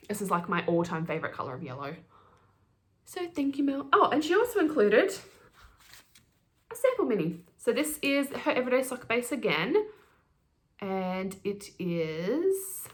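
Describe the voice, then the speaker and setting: A woman's voice: on the low side, fairly bright tone. Gushing woman unboxing yarn. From Australia. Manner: gushing, fast-talking, giddy. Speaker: knitting podcast host. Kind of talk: casual chat, yarn unboxing.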